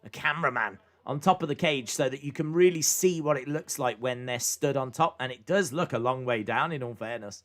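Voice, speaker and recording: A man's voice: mid-range voice, brisk, few pauses, a bit bright. A young man hosting a casual live reaction stream, chatting and thinking aloud with frequent fillers.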